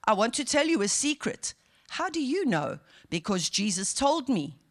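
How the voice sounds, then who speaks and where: A woman pastor from South Africa preaches with a high, bright-sitting voice. She drops into quiet, confiding asides and then climbs into fervent, ringing outbursts. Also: very animated, normal speed. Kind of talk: sermon.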